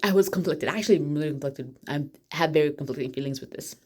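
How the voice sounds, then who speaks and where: A woman with a low, deep-set voice gives a casual, chatty recap of a story. She talks in an excitable way and jumps back and forth through the plot. A faint noise sits under the recording. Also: quick pace. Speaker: vlogger.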